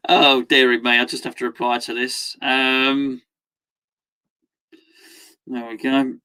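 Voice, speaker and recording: Taking his time, a man with a mid-range, level, bright, and forceful voice hosts a live football watchalong, recorded cleanly. He chats easily with his audience, reads chat messages aloud, laughs a lot, and bursts out suddenly.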